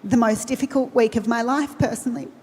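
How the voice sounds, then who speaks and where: A woman with an Australian accent speaks earnestly and personally on a panel, restarting frequently in a conversational talk. Her voice is fairly high and a little mellow, brisk, with fairly even intonation, and a large event hall lends long reverb.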